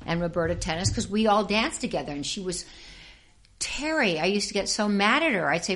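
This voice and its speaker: An older woman, a former actress and dancer, telling lively anecdotes as an interview guest and acting out the people she quotes. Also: mid-range voice, moderate pace. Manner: lively storyteller who acts out quoted voices and laughs often. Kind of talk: casual anecdotal storytelling.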